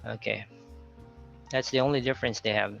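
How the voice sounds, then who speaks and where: A man's voice: mid-range voice, steady tone, moderate pace, vocal fry, a bit bright, lo-fi sound, soft background music. A man from the Philippines with a Filipino accent, teaching an English pronunciation lesson and repeating example words as he explains them.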